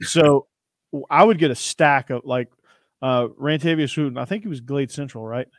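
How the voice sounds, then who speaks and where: A sports podcast host chats and tells stories in an upbeat, casual way. He has a medium-pitched voice and a moderate pace, recorded with clean studio sound and no echo.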